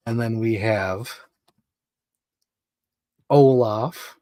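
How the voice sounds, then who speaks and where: A man's voice: fairly low pitch, steady tone, drawn-out words, pauses often, a little mellow, no echo, clean studio sound. A man live streaming, chatting casually and rambling with lots of fillers as he shows off collectibles. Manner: chatty, rambling fan talk with many fillers. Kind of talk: casual chat.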